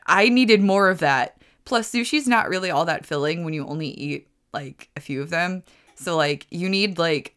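A woman's voice: deep voice, a bit bright. A woman hosting a podcast, telling a story in a casual, rambling and gushing way, full of fillers. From United States. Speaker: podcast host.

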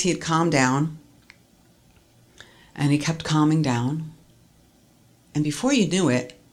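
A woman earnestly recounting a personal story as a testimony, stringing events together with "and". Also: sits low.

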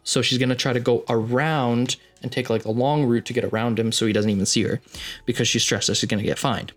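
A man's voice: medium pitch, fairly quick. A young man hosting a podcast, telling a story casually with rambling asides and lots of fillers. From Canada, Ontario. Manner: rambling, filler-heavy, animated retelling. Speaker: podcast host.

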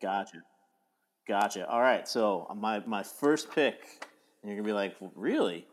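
A man with a fairly low voice, chatting casually as a podcast co-host. He hesitates often and fills pauses with ums. His delivery stays low-key and unhurried. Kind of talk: casual chat.

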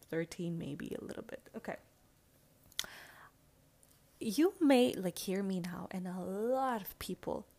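A young woman talks straight to her listeners in a loose, chatty solo podcast. She is animated and playful, swears casually and now and then slips into silly put-on voices. Her pitch sits in a middle range for a woman. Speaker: podcast host.

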